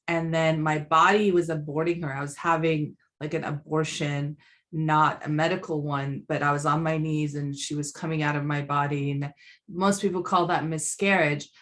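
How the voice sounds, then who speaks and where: Female podcast host, low pitch, slow and reflective delivery. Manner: slow, reflective, with many fillers. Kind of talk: conversational podcast talk.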